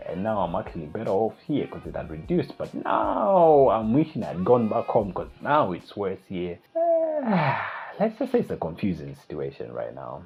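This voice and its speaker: A young man vlogging, retelling a night of panic in a casual, animated storytelling way. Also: on the low side, normal speed, creaky. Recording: slightly dull lo-fi recording with faint music.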